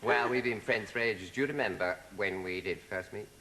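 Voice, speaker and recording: A man's voice: on the low side, a little fast. A man hosting an interview, telling stories theatrically. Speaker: host. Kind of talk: interview chat. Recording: old radio recording with clear hiss.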